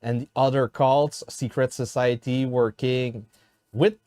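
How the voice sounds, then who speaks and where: A man with a French accent hosting an interview in English, his second language, halting often to search for words. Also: medium pitch, fairly even intonation, warm tone, dry recording. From France. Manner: halting, many fillers and restarts while searching for words. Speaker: host.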